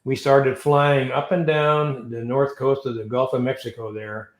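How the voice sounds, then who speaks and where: An older man tells his stories at an even pitch, with a roomy echo around his voice. He is an interview guest who recounts events with energy and acts out the voices and sounds as he goes. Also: a little slow. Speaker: interview guest, retired navy pilot. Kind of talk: storytelling in an interview.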